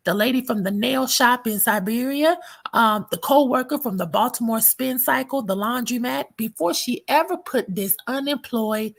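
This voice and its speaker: A woman's husky, somewhat high voice fires off blunt, sarcastic commentary on a reality show. She talks like a host who holds nothing back and is quick to mock. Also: a bit bright. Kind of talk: sassy reality TV recap commentary.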